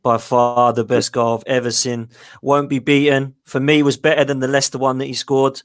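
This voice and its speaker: A man's voice: medium pitch, little pitch movement, normal speed, no echo. Guy reminiscing about footy goals, dry sound, mid voice. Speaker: podcast co-host. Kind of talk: casual chat.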